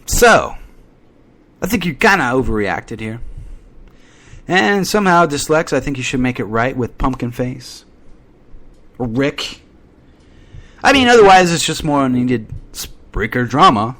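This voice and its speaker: A man's voice: mid-range voice, big pitch swings, normal speed, pauses often, a bit bright. A man hosting an internet radio show from home, rambling through a casual, irreverent, gossipy monologue with mock-dramatic asides. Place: at home during a thunderstorm.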